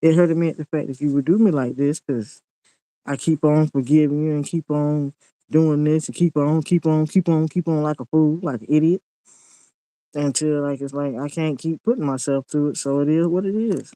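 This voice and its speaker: Man, casual vlog monologue, blunt, preachy, fairly high voice, dry close sound. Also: steady tone, normal speed, dark tone, no echo, rough recording. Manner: blunt, preachy, repeats himself.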